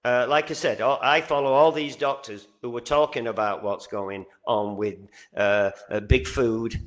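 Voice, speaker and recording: A man from England with a Northern English accent, a guest talking earnestly in a casual interview, getting animated as he tells stories. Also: mid-range voice, moderate pace. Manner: earnest, animated when telling stories, frequent restarts. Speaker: podcast guest.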